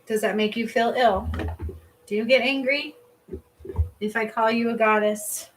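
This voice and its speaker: A woman's voice: fairly high pitch, fairly even intonation, measured pace, a bit bright, poor audio. A woman reading cards and giving healings on a casual livestream, chatty, laughing often and swearing casually. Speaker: psychic reader and energy healer.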